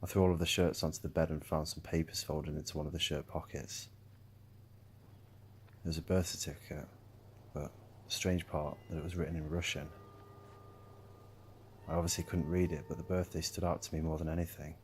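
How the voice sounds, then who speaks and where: A man narrating a first-person horror story in a calm, measured way. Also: extremely low pitch, a little hiss or hum. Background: faint guitar music.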